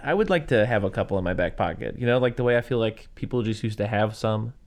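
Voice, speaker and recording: A man with a lowish voice talks fast as he co-hosts a podcast. The conversation is casual, full of loose, profane banter.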